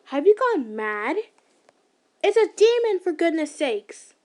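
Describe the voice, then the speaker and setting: A woman puts on a hostile young demon slayer, full of contempt. He yells his insults, his voice sitting fairly high and sharp with scorn. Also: very animated, unhurried. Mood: scornful. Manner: yelling, scornful.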